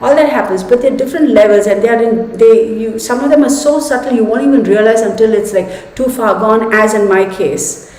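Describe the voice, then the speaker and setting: A woman hosting a livestream, telling a personal story in an animated, chatty way and speaking straight to her viewers. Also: on the high side, a little fast. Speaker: tarot channel host. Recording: echoey room with long reverb.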